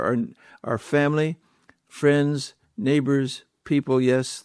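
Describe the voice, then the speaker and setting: A man's voice: mid-range voice, darkish tone, no room sound, studio quality. A man preaching a sermon, stressing key words by repeating them and putting rhetorical questions to his listeners.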